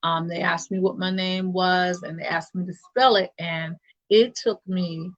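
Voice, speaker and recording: A woman who serves as a church deacon tells a personal story, pausing often and circling back with fillers and restarts. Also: fairly low pitch, steady tone, dull audio. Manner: halting, with many fillers and restarts.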